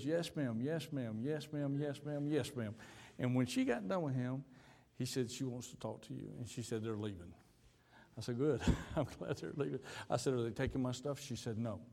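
A male pastor telling a story in a sermon, acting out both sides of a conversation with sudden leaps in pitch. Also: gravelly. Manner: animated storyteller, acting out dialogue with big pitch jumps. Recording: hall reverb.

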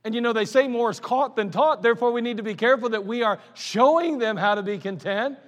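High-voiced preacher in a reverberant church. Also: male voice, quick pace. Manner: folksy storytelling, swings from loud to quiet. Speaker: pastor. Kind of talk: sermon. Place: church sanctuary. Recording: long hall reverb in a church.

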